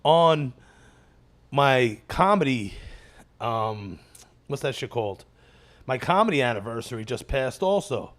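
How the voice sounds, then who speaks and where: A man's voice: medium pitch, lively intonation, measured pace, pauses often, a bit bright. A man, a comedian hosting his own show, telling rambling profane stories in a tired, casual monologue and laughing at himself. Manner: profane, digressive storytelling. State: tired, running on fumes.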